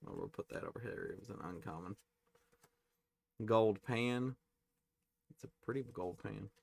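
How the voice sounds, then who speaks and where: A man hosting a casual pack-opening video, reading card names aloud and tossing in quick offhand reactions. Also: on the low side, creaky, darkish tone. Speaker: card-opening channel host.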